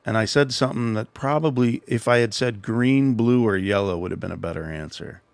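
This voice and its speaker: A man's voice: mid-range voice, brisk, vocal fry, clear, resonant tone, no echo. A middle-aged man hosting a livestream, telling a rambling, self-deprecating story and giving casual advice. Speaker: livestream host.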